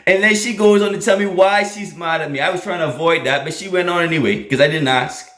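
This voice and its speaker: Guy in his 30s telling a story, keeps laughing and repeating himself, pretty high voice. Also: quick pace. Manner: animated, laughing, repeats lines for emphasis. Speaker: host of a faith channel. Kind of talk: casual storytelling to an online audience. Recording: echoey room.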